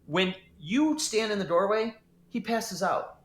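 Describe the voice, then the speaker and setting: A man's voice: high voice, big pitch swings, a little slow, fairly bright tone. Man narrating a tabletop game, echoey. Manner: loose, hesitant, many fillers and restarts. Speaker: game master.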